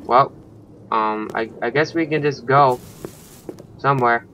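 A man's voice: mid-range voice, unhurried, bright, forceful tone, muffled recording, slight background noise. A man giving let's play commentary, thinking aloud and swearing when startled. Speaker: gaming channel host.

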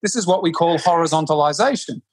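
A man's voice: fairly high pitch, fast, slightly rough, dry recording. A man, a yoga teacher being interviewed, who talks earnestly and often restarts his sentences. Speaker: yoga teacher, podcast guest. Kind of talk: reflective conversational interview.

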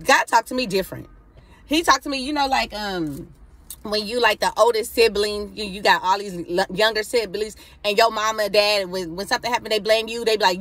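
A woman's voice: mid-range voice, brisk, a bit bright, dry recording. A woman preaching fervently over a phone live stream, casual and exhorting, with constant cries of hallelujah. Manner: fervent, repeating hallelujah, casual Southern-style speech.

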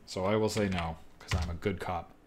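A man's voice: low-pitched, fairly even intonation, a little fast, background noise. A man hosting a podcast, casually playing through an old computer game and reading its text aloud with amused asides. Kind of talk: casual let's-play commentary.

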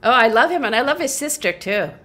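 A middle-aged woman and folk singer, a guest, telling a humorous story in a lively, self-mocking way, often laughing. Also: on the high side, fast, a little hiss or hum.

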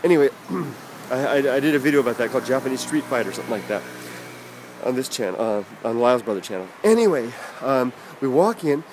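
A man's voice: medium pitch, animated, fast, a little mellow, slight background noise. Rambling middle-aged man telling a story outdoors. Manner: rambling and chatty, with many fillers and self-corrections. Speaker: vlogger. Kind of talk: casual storytelling vlog. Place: outdoors on a town street, walking.

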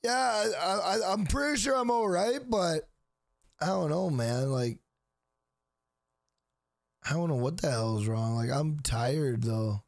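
A man's voice: on the high side, animated, unhurried, creaky, pauses often, no room sound, clean studio sound. A man streaming a video game, chatting casually with viewers in a profane, tired, drawling manner. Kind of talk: casual live-stream commentary.

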